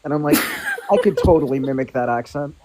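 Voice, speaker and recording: A man's voice: mid-range voice, fast, background noise. A man co-hosting a livestream in casual group chat, joking and swearing, laughing often. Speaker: livestream co-host.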